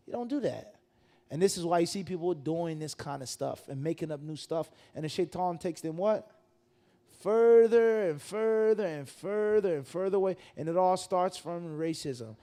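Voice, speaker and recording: A man giving a sermon-style lecture as a mufti, animated and full of rhetorical questions and mocking asides. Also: high-pitched, normal speed. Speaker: mufti giving a mosque lesson.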